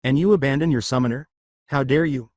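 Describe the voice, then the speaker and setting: A man's voice: mid-range voice, brisk, a little mellow, no echo, natural voice. A man voicing an old, scarred male battle lizard with a put-on French-like accent, stern and menacing. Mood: scolding.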